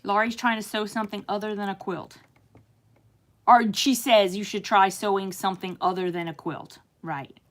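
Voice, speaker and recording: A woman's voice: mid-range voice, fairly even intonation, normal speed. Middle-aged lady on a live stream chatting w/ her viewers, lots of ums and laughs. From United States. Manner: chatty, warm-hearted, laughs often, many fillers. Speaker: host reading live chat. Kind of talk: casual live-stream chat.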